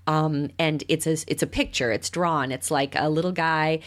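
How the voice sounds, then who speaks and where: A middle-aged woman with a low, grounded voice talks casually as a podcast co-host. She tells stories warmly and brightens into animated quoted voices along the way. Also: moderate pace. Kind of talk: casual conversation about parenting.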